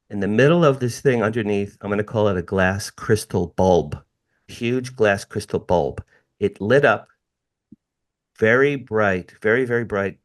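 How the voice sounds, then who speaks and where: A middle-aged man from the United States, a podcast guest telling a personal story with emphatic repetition and direct asides to the hosts. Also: lowish voice. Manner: emphatic, repeats phrases, addresses listeners as "you guys".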